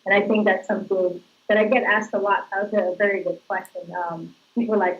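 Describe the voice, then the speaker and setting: Woman guest actress, chatty storyteller, mid-pitched, muffled lo-fi recording. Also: little pitch movement, quick pace. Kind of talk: casual interview answers.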